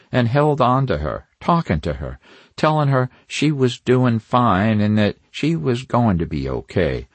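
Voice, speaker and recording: Husky, lively male crime narrator. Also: on the low side, no echo. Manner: wry, hard-boiled, dry asides. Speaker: audiobook narrator. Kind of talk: first-person crime novel narration.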